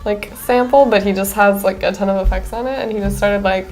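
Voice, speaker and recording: A woman's voice: medium pitch, steady tone, a little fast, a little mellow. A young woman musician, chatting casually in a studio interview with lots of "like" fillers and a playful manner. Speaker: musician, band singer. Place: studio with a green screen.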